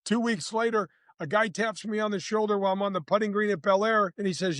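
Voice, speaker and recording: A man in his sixties from St. Louis, a former tour golfer telling lively, slangy stories as a podcast guest. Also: high voice, fast talker, few pauses, dry recording, clean studio sound. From St. Louis, USA. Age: 60s. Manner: lively, slangy, addresses the host directly. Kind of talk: casual anecdotal storytelling.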